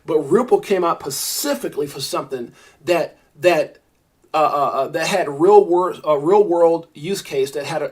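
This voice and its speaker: Animated New man hosting a live stream. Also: fairly high pitch. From Brownsville, Brooklyn, New York. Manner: animated, rambling, addresses chat viewers by name. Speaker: crypto livestream host. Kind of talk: live-stream commentary reading viewer chat.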